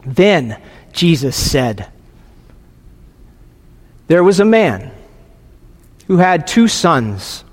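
High-voiced pastor in a reverberant hall. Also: male voice, sing-song. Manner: earnest, pausing, with frequent restarts. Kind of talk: sermon with guided prayer and scripture reading.

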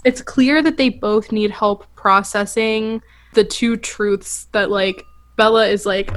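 A woman's voice: mid-range voice, takes it slowly. A young woman co-hosting a podcast, chatting casually about a book with lots of filler words and laughing asides. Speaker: podcast co-host. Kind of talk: casual book discussion chat.

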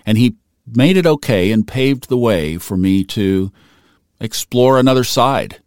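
A man's voice: mid-range voice, lively intonation, unhurried, a little mellow, clean tone, no room sound, clean studio sound. A middle-aged man telling a personal story in an earnest, conversational way, growing emotional at moments. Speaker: storyteller recalling his career.

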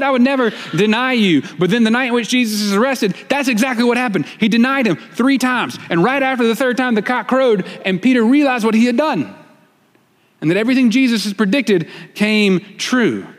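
A man preaching a sermon, retelling a story and voicing the dialogue in a shifting, expressive way. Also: sits high. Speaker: pastor. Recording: long reverb of a church hall.

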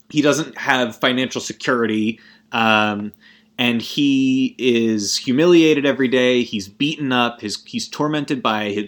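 A man's voice: medium pitch, fairly bright tone. A young man in a casual movie rant, rambling and profane, constantly cutting himself off mid-sentence. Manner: rambling and profane, frequent self-interruptions.

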